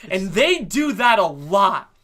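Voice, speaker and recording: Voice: medium pitch, big pitch swings, takes it slowly, a bit bright, faint music behind. A podcast co-host in casual anime review chat, swearing freely and mockingly acting out scenes.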